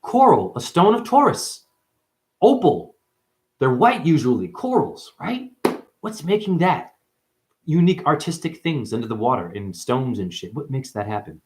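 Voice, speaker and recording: Lively, swearing man ranting to camera. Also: a little high, normal speed. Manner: animated, profane, calls listeners "honey". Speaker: video monologue host. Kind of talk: rambling spiritual monologue.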